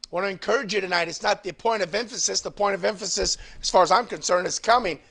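A man preaching a Bible study sermon, reading scripture aloud and swinging from quiet confiding asides to fervent, pleading outbursts. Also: fast talker, gravelly, breathy edge. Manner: rises into fervent shouted pleading, then drops low. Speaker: pastor.

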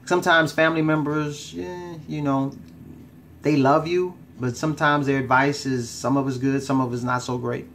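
A man talking as a relationship coach straight to his viewers, emphatic and casual, repeating words for stress and using relaxed slang. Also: medium pitch, moderate pace, slight background noise. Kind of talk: direct-to-camera advice talk.

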